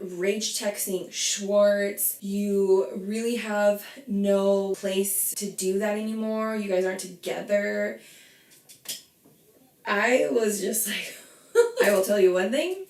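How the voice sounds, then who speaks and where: A woman ranting in casual commentary as a reality TV reaction vlogger, animated and swearing, a little tipsy from wine. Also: mid-range voice, gravelly. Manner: animated, swearing, quoting others in bits. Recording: echoey room.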